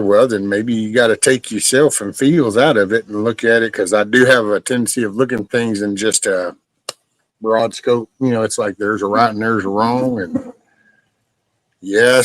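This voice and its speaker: A man's voice: lowish voice, no echo, low-quality recording. A man in his sixties hosting a casual live stream, chatting bluntly and folksily with plenty of profanity while answering viewer comments.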